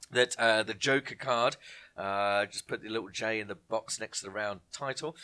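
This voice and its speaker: A man's voice: fairly low pitch, a bit bright. A man hosting an online pub quiz, reading each question twice and dropping jokey asides to viewers. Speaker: quiz host.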